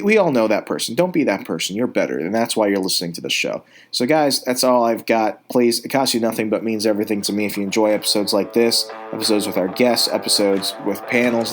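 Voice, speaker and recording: A man hosting a podcast, giving earnest, rambling commentary with frequent restarts. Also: lowish voice. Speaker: podcast host. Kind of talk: casual reaction commentary.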